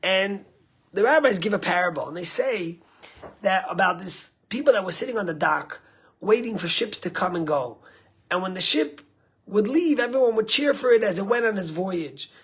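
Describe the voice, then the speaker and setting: Man, rabbi, sermon, storytelling, very husky breathy voice, fades to near-whispers. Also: high-pitched, lively intonation, normal speed. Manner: rises with emphasis, trails off to near-whispers at phrase ends.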